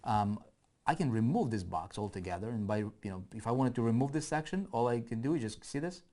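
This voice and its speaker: A man's voice: medium pitch, expressive, fairly quick, mellow. Chatty man walking through a tutorial. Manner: conversational, frequent "right?" check-ins, thinks aloud. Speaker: online marketing instructor. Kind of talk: screen-share tutorial walkthrough.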